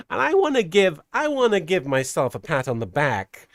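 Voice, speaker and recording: A man's voice: a little high, wildly swooping pitch, moderate pace, no room sound, studio quality. A man casually commenting on a livestream, chatty and rambling, laughing often and poking fun at himself at a desk microphone. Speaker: streamer and host.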